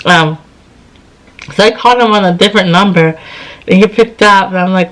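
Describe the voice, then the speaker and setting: A woman in her thirties with a medium-pitched, fairly bright voice talks at normal speed, leaving long pauses, in a low-quality recording. It's a casual storytime vlog: tired and yawning, she chats to camera and quotes both sides of past conversations.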